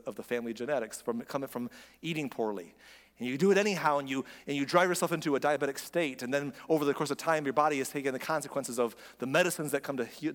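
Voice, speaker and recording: A man's voice: mid-range voice, long reverb tail. A man preaching a sermon as a pastor, in an earnest, conversational way with frequent restarts.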